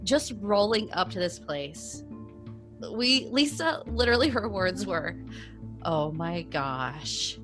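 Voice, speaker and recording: A woman's voice: medium pitch, animated, unhurried, over music. A woman co-hosting a casual chat, recounting a road trip with many "like" fillers. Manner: rambling, frequent "like" fillers. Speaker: podcast co-host.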